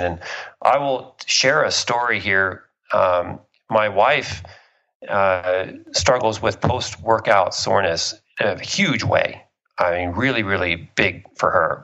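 A lower-voiced man with a gravelly, bright edge explains things enthusiastically, leaning on analogies and anecdotes. The recording sounds a touch dull and lo-fi. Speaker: guest, author on genes and health. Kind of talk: conversational explaining.

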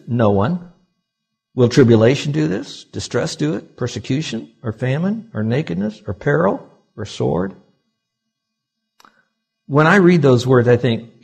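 A male pastor preaching a sermon to his congregation, swinging between loud exclamations and quiet asides. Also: medium pitch, gravelly, breathy edge. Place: church sanctuary.

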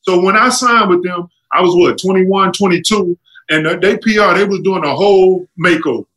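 A middle-aged man with a high, bright voice tells stories in a relaxed chat. He talks with energy and acts out the other people in his stories by shifting his pitch. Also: normal speed, poor audio. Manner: animated, acts out quotes with jumps in pitch. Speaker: guest telling stories. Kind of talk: casual storytelling.

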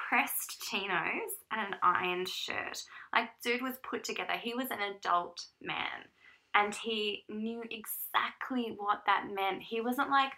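On a roughly recorded podcast, a thirties-aged female co-host shares a personal story with frank, lively animation during casual conversation. Her voice runs a little high and has a creaky edge.

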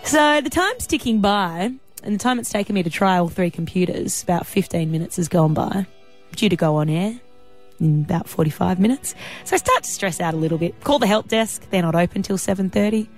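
A woman hosting a radio show from the studio, chatty and bubbly with quick laughs. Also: medium pitch, animated, faint music behind. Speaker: radio host. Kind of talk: casual radio chat. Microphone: studio mic.

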